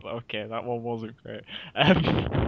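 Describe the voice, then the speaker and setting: A man's voice: mid-range voice, takes it slowly, no echo, dull audio. A man co-hosting a casual podcast, bantering and laughing often between remarks. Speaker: podcast co-host. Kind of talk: casual chat.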